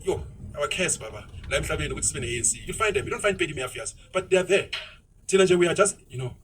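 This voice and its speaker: A man's voice: a little high, expressive, fast talker, a bit bright, recorded from a distance, slight background noise, rough recording. A South African man ranting bluntly in opinionated podcast talk, switching into isiZulu phrases.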